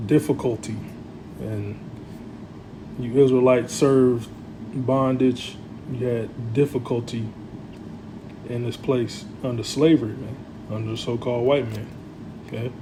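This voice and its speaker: Male religious commentator, mid-pitch, rambling and filler-heavy; constant hum behind.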